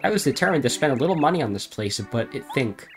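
On a live stream, a man reads scrambled game dialogue in a deadpan comic voice, frequently cracking up. His pitch is medium and he speaks fast.

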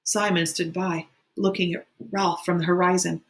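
A woman teacher with a fairly low voice reads a novel aloud for her students. Her reading is plain and steady, with occasional slips and restarts. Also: moderate pace.

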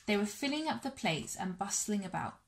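Warm and measured, a woman shares a Bible story aloud with children and families during an all-age church gathering. Her voice sits in the mid range and carries plenty of expression.

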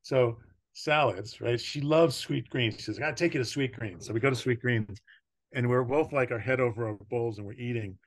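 A man in his sixties, a podcast guest, telling personal stories in casual conversation, laughing often and trailing off between thoughts. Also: mid-range voice. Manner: warm storytelling, laughing often, trailing pauses.

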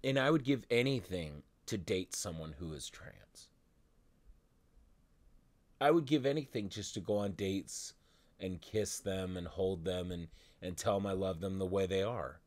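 A man with a lowish voice vents straight to camera in a heated vlog rant. He talks in an exasperated, profane way, restarting his sentences as he goes. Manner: exasperated, swearing, halting restarts. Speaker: vlogger.

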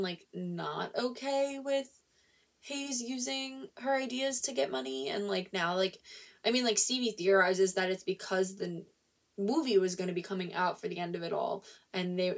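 A woman giving a casual spoiler-filled book review, rambling and thinking aloud, filling nearly every phrase with "like" and often restarting her sentences. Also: mid-range voice.

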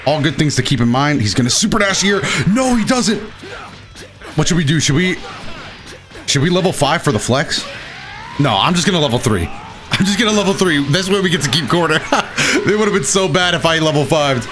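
Young man, fighting game commentary, excitable, laughs at own mistakes, lively swooping voice. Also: fairly high pitch, brisk, pauses often, music in the background. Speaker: gaming commentator. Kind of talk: live gameplay commentary.

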